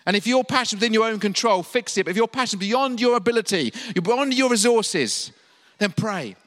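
A man from England preaches to his congregation, his voice high and bright. He keeps putting questions to his listeners and acts out the lines he quotes. The sound rings with the long reverb of a church hall. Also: lively intonation, brisk. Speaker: pastor. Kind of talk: sermon.

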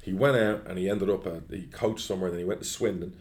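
A middle-aged man with a very deep, low voice talks in a casual interview. He is blunt and animated and swears freely as he tells his stories. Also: fast. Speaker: football club chairman.

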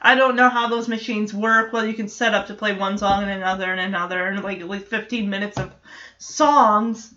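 A woman's voice: medium pitch, fairly even intonation, fairly quick, sharp tone, muffled recording. A woman hosting a podcast, recapping a sitcom episode in casual, amused chat with jokey asides.

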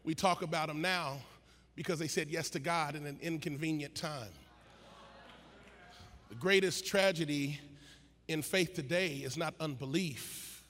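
A man preaching a sermon at a conference, building to shouted, sing-song peaks in his delivery. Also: on the high side, measured pace, pauses often. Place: large conference hall. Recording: long hall reverb, faint ambient noise.

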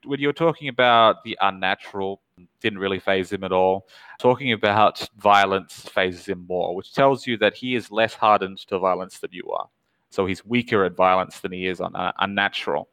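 A man running a tabletop horror game as game master, narrating in a calm, measured way that slows down for tension. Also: low-pitched, smooth, dry recording, low-quality recording.

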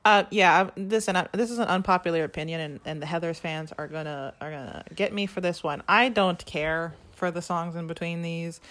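A woman's voice: on the low side, fairly bright tone. A woman co-hosting a casual podcast chat, animatedly retelling a story and acting out the quoted lines. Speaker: podcast co-host. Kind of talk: casual chat recapping a musical.

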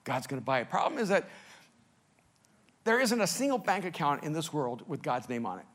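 A middle-aged male pastor preaching with stories, laughing at himself and swinging between loud bursts and hushed lines. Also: fairly high pitch, sing-song, moderate pace.

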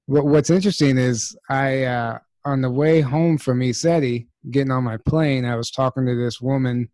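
Man telling a story in lively chat. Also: mid-range voice, moderate pace, no echo. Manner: animated storyteller, repeats "I said". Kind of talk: casual conversation.

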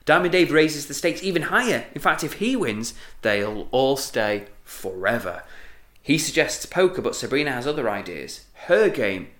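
A man's voice: a little high, big pitch swings, brisk, hardly any pauses, fairly bright tone. Man recapping a show, roomy sound. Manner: playful, summarising with jokey asides. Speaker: podcast co-host recapping an episode. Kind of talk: casual recap and chat. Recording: roomy echo.

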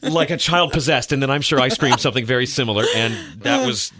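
A man's voice: medium pitch, fast, bright, forceful tone. A man hosting a podcast, telling a story in upbeat, casual chat. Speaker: podcast host.

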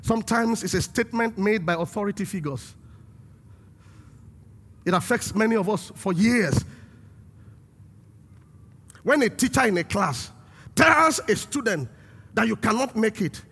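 A man preaching a sermon as pastor and host, emphatic and rising to shouts to stress his points. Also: high voice, lively intonation, unhurried, pauses often, slightly rough.

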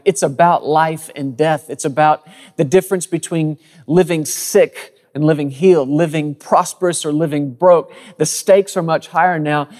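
A man's voice: a little high, a little mellow. Earnest thirties man preaching in a reverberant hall. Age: 30s. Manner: earnest, conversational preaching with frequent word repeats. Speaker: pastor. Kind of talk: sermon.

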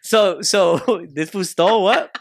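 A man's voice: sits high, takes it slowly. A man co-hosting a podcast, reacting with laid-back, slangy banter. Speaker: podcast co-host.

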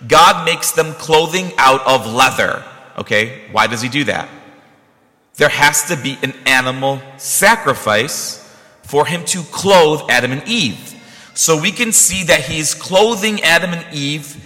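A man's voice: a little high, animated, measured pace, pushed and bright, big-room sound. A man, a priest, giving a conversational sermon, telling a personal story with asides to the congregation.

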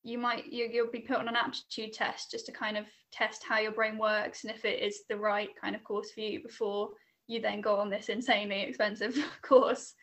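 A woman's voice: mid-range voice, little pitch movement, moderate pace, fairly bright tone. A young woman, chatting casually about her work in air traffic control, with many fillers and restarts. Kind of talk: casual interview chat.

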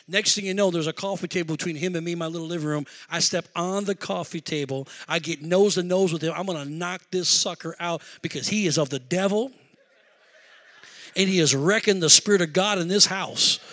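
A man's voice: high voice, a little fast, a bit bright. A middle-aged male pastor, telling a personal story in a sermon and rising into fervent preaching.

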